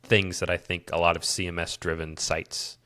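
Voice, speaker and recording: A man's voice: low-pitched, little pitch movement, normal speed, pushed and bright, no room sound. A man with a Midwestern accent, co-hosting a casual tech podcast and explaining his project at a rambling pace with frequent restarts. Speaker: podcast co-host and developer.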